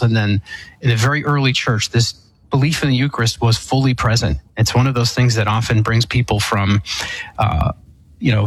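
A man's voice: medium pitch, breathy edge, rough recording. Man, Eastern Catholic priest, explaining. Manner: explanatory, with frequent restarts and fillers. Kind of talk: answering a caller's question.

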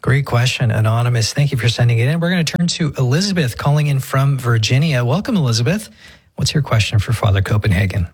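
A man hosting a call-in radio show, thanking listeners and bringing on callers in a brisk, welcoming way. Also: medium pitch, expressive, breathy edge.

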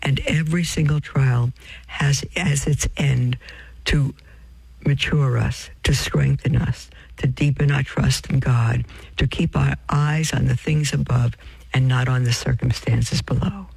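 Gravelly, husky-voiced male preacher. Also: mid-range voice, steady tone, measured pace, darkish tone, dry recording, low-quality recording. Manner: addresses listeners as beloved, reads with off-script asides and self-corrections. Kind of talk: sermon reading from a text with asides.

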